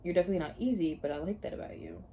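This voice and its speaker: A woman reading out the lines of a gentle young man in a soft, lowered voice, as if he were in a storybook. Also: very fast, breathy edge. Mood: tender.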